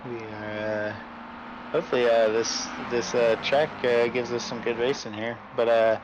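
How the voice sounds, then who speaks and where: A man's voice: medium pitch, level tone, a little slow. A man co-commentating a sim race, joking and teasing in casual banter. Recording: muffled with loud noise.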